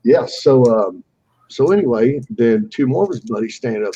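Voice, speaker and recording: A man's voice: medium pitch, animated, normal speed, lo-fi sound, background noise. A man telling a fishing story on a live call, casually and with animation, swearing freely and acting out the voices of the people he quotes.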